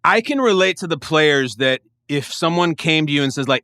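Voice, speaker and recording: A man talking in an animated, joking way on a podcast, often swearing. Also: a little high, normal speed, no echo, clean studio sound. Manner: animated, profane, jokey. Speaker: podcast guest. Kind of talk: casual chat.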